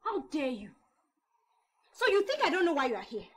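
A woman's voice: sits high, very animated, fairly quick. An actress playing a furious Nigerian wife who hurls scornful threats at her brother-in-law.

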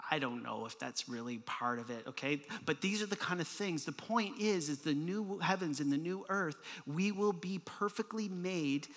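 A male pastor preaches in a relaxed, joking way, tossing in quick asides and little sound effects. His voice sits high and sounds crisp and bright. The sermon rings out with the long reverb of a church hall. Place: church sanctuary.

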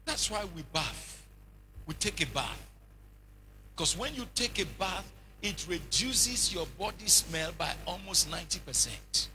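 A man preaching a sermon in an animated, humorous way, full of rhetorical questions and anecdotes. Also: sits high, measured pace, slight background noise. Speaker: bishop, preacher.

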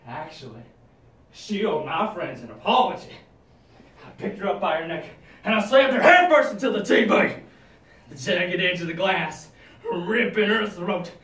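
Young man, dark dramatic monologue, hushed menace to loud shouts, competition performance, echoey room, distant mic. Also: sits high, big pitch swings, normal speed.

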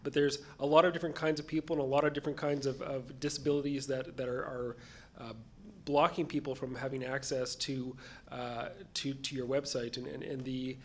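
A man talking on a conference panel at a middle pitch, stopping and restarting as he hunts for the right words. His voice comes with a faint hiss of background noise from a conference session room. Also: little pitch movement. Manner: halting, repeats words while searching for phrasing.

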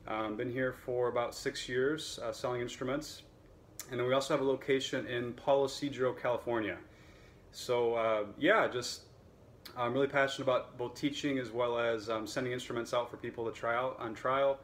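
A man who teaches and sells violins, talking casually to camera in a relaxed, chatty way with plenty of fillers. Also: mid-range voice, moderate pace, slight background noise. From United States.

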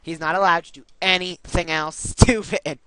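High bright-voiced gamer guy. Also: normal speed, slight background noise, rough recording. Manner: bossy, joking, bursts into loud excited shouts. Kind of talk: casual gameplay chat.

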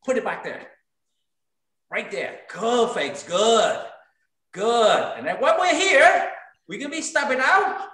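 A man's voice: very high-pitched, big pitch swings, slow, pauses often, bright, forceful tone. A man teaching an online kids' kung fu class, giving short drill commands and counting reps aloud in a training studio. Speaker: martial arts instructor. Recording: very echoey room, voice far from mic.

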